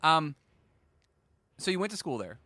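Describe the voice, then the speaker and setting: A young man from the Washington DC area hosting a casual podcast chat, telling animated stories and mimicking accents for laughs. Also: on the high side, unhurried, no room sound. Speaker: podcast host.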